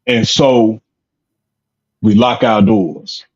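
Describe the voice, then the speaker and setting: A man in a casual discussion, laying out his point in a measured way and repeating words as he builds it. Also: lowish voice, sing-song, gravelly, a little mellow, slightly rough, dull audio.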